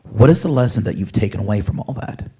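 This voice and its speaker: A man in the audience asking a question slowly and deliberately. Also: on the low side, animated, warm tone, slight background noise.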